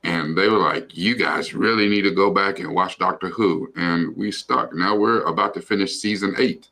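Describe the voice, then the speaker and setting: A man's voice: deep voice, moderate pace, creaky, sharp tone. A man co-hosting a livestream, chatting casually in a rambling, loose way with lots of fillers and the odd swear word. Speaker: livestream co-host. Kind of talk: casual chat.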